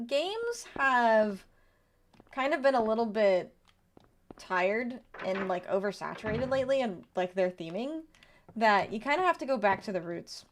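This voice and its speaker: A young woman streaming a horror game, chatting casually with viewers, greeting them and reading chat, with sudden excited outbursts between quiet mutters. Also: a little high, measured pace, slight background noise.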